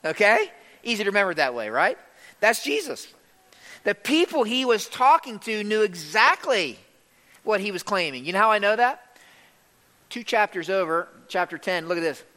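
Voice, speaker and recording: A man delivers an emphatic sermon, his voice high and bright, cutting through a hall with a long, lingering reverb. He swings between loud emphasis and hushed delivery. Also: big pitch swings, normal speed. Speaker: pastor.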